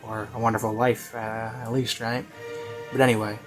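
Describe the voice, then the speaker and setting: A man's voice: on the low side, little pitch movement, moderate pace, music in the background. A man giving casual, rambling commentary on a video he is reviewing, full of "you know" and "like" and offhand self-mockery.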